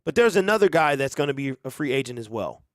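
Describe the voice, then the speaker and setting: A man's voice: mid-range voice, animated, quick pace, no echo, studio quality. A man hosting a sports talk show, giving rambling, conversational commentary with emphatic opinions.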